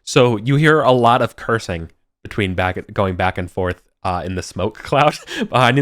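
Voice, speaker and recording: A man's voice: on the low side, lively intonation, moderate pace, fairly bright tone, dry recording, studio quality. A man narrating a tabletop game as game master, loose and rambling with many fillers.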